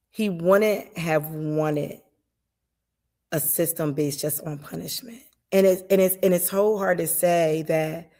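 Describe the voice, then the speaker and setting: A woman in her thirties speaks with quiet earnestness, her voice sitting on the lower side. When she retells a heated moment she becomes lively and animated. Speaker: guest defense attorney. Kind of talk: emotional personal conversation.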